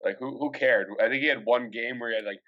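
A man's voice: mid-range voice, fast talker. A young man co-hosts a casual sports podcast, laughing often and rattling through team news and player lists. His voice comes through a slightly dull, lo-fi recording. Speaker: podcast co-host.

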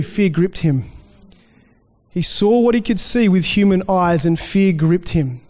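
Preaching as pastor, a man speaks unhurriedly in a high voice with a darkish tone. His sermon feels casual and conversational, full of restarts and quick impressions of people in his story, all echoing with long hall reverb.

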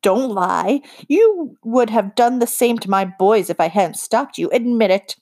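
A woman voicing a fierce, protective mother who speaks in a sharp, indignant way. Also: fairly high pitch, expressive, measured pace.

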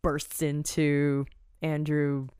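A woman co-hosting a podcast, chatting casually in a giggly, animated way. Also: deep voice, very slow, clear, resonant tone, no room sound, studio quality. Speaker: podcast co-host. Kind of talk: casual banter.

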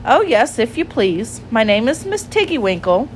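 A woman's voice: on the high side, very animated, normal speed, slight background noise, voice pushed up. A woman reading a storybook aloud and voicing a fussy little female hedgehog washerwoman with a bustling, polite manner.

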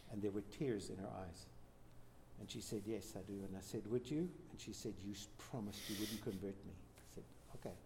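A man, a pastor, telling a church testimony as a lively storyteller who acts out the quoted lines. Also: fairly low pitch, fairly quick, a little hiss or hum. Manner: animated storyteller, voices quotes.

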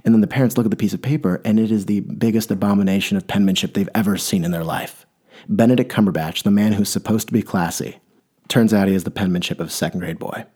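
A man's voice: lowish voice, quick pace, dark tone, breathy edge. A man hosting an episode, telling a rambling comic story with wry asides. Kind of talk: comedic monologue.

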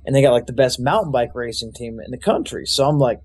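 A man's voice: medium pitch, expressive, fast talker, darkish tone, husky. A young man, a youth pastor, telling his life story in a loose, rambling way with lots of fillers. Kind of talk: casual storytelling testimony.

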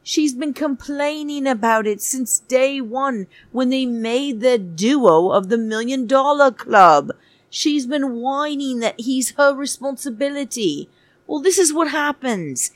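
A woman's voice: sits high, expressive, slow pace, no room sound. A woman hosting a chatty, gossipy recap, sarcastic and full of pet names for her viewers. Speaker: show recap host. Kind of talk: casual commentary recap.

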